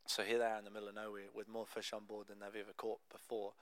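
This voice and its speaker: A young adult man preaching a sermon, telling a Bible story in a conversational, animated way with casual asides. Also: fairly low pitch, quick pace. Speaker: pastor.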